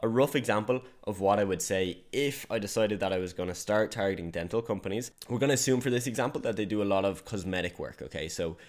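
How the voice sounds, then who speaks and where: A male business coach delivering an online lesson in a frank, conversational way. He speaks with a slightly low voice. He deliberately moves his tone up and down and leans on key words. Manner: direct, emphatic, conversational, varied tonality. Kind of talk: online course lecture.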